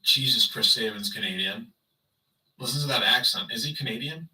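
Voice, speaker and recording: Guy streaming and chatting w viewers, sarcastic, rambly, sharp bright tone. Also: medium pitch, normal speed, recorded from a distance, low-quality recording. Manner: rambling, sarcastic, talks to chat. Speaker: livestreamer. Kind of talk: casual livestream chat.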